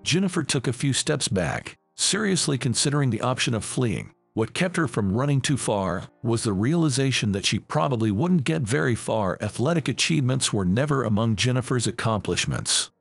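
Male narrator for scripted story, gravelly, husky, lively pitch. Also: moderate pace, few pauses, dry recording.

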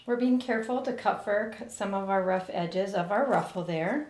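Woman, middle-aged, cake decorating teacher, gentle and careful, mid-pitched voice, roomy echo. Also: normal speed. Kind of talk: step-by-step demonstration. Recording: echoey room.

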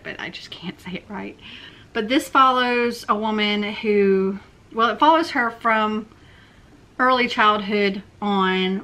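A woman's voice: mid-range voice, sharp tone. A young woman book vlogger chatting casually about books she read, with lots of fillers. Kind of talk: casual book review chat.

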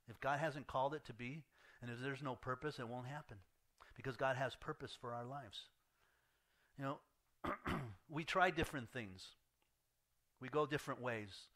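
In a church sanctuary, a pastor preaches verse by verse in a conversational way, full of fillers and restarts. His medium-pitched, slightly bright voice rises as he acts out quoted lines and drops almost to a whisper when he ends a point.

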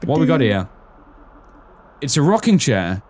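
A young man riffing through a horror game playthrough, chatty and joking as he reads lines off the screen. His pitch swings widely, rising sharply on surprises and dropping low for asides, in an ordinary mid-range voice. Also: very animated, unhurried, darkish tone, slightly rough. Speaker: gaming channel host. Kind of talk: casual let's-play commentary.

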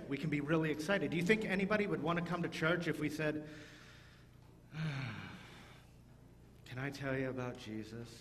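Animated pastor in a reverberant church. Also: male voice, a little high, slight background noise. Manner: animated, speaks to children with playful emphasis. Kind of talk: children's sermon and service leading. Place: church sanctuary.

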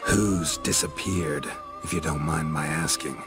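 An actor voicing a gruff, blunt male monster hunter in a video game, speaking tersely. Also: extremely low pitch, a little slow, loud music behind the voice. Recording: game score playing behind.

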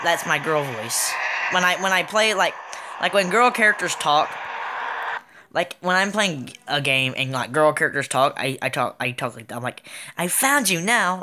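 A man commenting as he plays a game, talking to himself while he puzzles things out, often exasperated and rambling. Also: a little high. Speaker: gamer. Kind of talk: let's play commentary. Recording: loud background noise.

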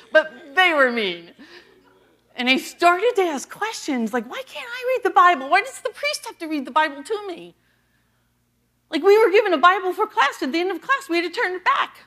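A middle-aged associate pastor from the US East Coast delivers a personal testimony sermon, her voice a little high. She's animated and laughs often while telling her story.

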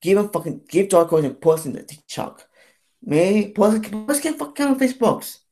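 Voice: medium pitch, big pitch swings, normal speed, dark tone. Fed-up young vlogger ranting. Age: 20s. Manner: fed-up, rambling and repetitive, with swearing and false starts. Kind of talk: ranting vlog monologue.

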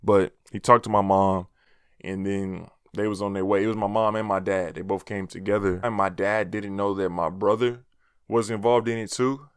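A man's voice: on the low side, steady tone, normal speed, clear, resonant tone, no echo, studio quality. A young man telling a personal story in a loose, slangy, cursing storytime vlog, laughing at himself now and then. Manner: casual, slangy, swears often; laughs at his own story. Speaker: vlogger.

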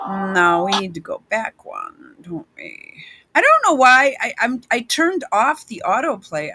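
This is a woman vlogger's casual, rambling commentary on video clips, blunt and peppered with swearing and many restarts. She speaks with a fairly high, bright voice in a forceful tone.

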